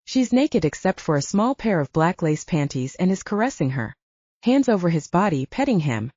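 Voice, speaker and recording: A woman narrating an audiobook in an expressive storytelling manner, in a dull lo-fi recording. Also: fairly low pitch, moderate pace, dry recording.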